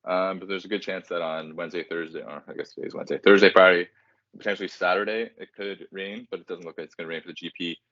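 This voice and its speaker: Speaking fast with a steady tone, a podcast co-host with a very low voice rambles casually, leaning on filler ums and poking fun at his own mistakes. The sound is dry and echo-free, described as both slightly dull and fairly bright in tone.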